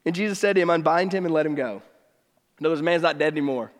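Male pastor, high voice, casual chatty preaching, long church-hall reverb. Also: racing. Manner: casual, conversational preaching with slang; swings from emphatic to hushed. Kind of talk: sermon.

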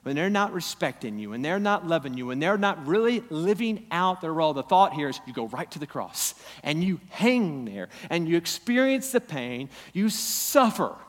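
A man in his thirties preaching a sermon in a church hall, swinging from loud emphatic peaks down to quiet, low asides. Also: sing-song, normal speed, few pauses. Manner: impassioned, rising to loud emphatic peaks then dropping low. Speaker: pastor. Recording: long hall reverb.

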